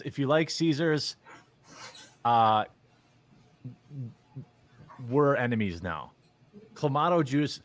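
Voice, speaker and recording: A man's voice: medium pitch, sing-song, slow, long pauses, fairly bright tone. A man giving casual commentary as a streamer, blunt and opinionated in a mock-serious way.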